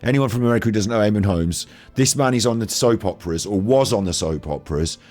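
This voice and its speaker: A man's voice: lowish voice, quick pace, a little mellow, soft background music. A man streaming casual commentary over a video clip, chatty, laughing and swearing.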